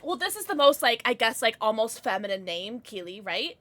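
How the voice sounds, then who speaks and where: A young woman streaming live, chatting casually with her viewers and squealing with excitement as she reads chat. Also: a little high, a little fast, no room sound. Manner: chatty, bubbly, squeals when reading chat.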